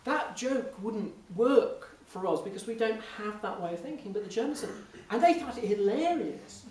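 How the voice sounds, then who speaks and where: A man, an impressionist, telling lively anecdotes to an audience in a Q&A, often restarting mid-sentence. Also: high voice, normal speed. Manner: animated, lively storytelling with frequent restarts and laughs. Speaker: impressionist speaking as guest. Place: large hall before an audience. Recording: echoey hall, mic from a distance, faint noise.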